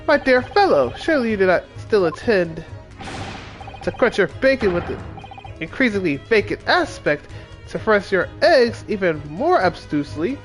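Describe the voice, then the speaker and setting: A man putting on a pompous gentleman detective. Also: sits high, sing-song, normal speed, faint music behind, voice pushed up. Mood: lofty. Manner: theatrical, lofty, formal diction. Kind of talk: reading game dialogue aloud in voices.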